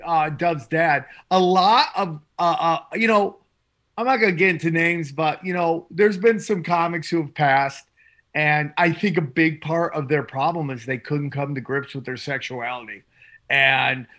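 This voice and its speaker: Man, bright forceful voice, slightly high, crude casual podcast talk, lots of fillers. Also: steady tone, a little slow. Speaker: comedian podcast host. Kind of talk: casual chat.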